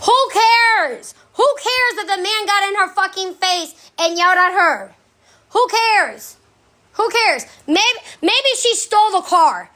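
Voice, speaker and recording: Very high-voiced woman ranting defensively. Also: lively intonation, pushed and bright. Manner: defensive, profane, rapid-fire rhetorical questions; barks short commands at her dog. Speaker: livestreamer. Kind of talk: livestream rant to commenters.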